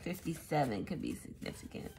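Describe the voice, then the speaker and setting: A woman giving a casual tarot reading, thinking out loud as she goes. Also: deep voice, big pitch swings, brisk, noisy background. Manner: musing aloud, thinking out loud. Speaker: tarot reader.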